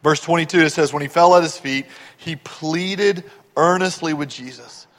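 A man's voice: fairly high pitch, moderate pace, fairly bright tone, big-room sound. A man preaching a sermon as pastor, earnestly explaining scripture verse by verse.

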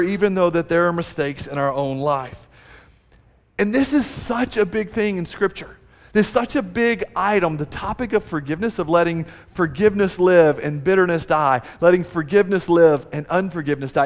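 Guy with a high voice giving a sermon, lots of echo from the church hall. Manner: earnest preaching with rising emphasis and storytelling. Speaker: pastor.

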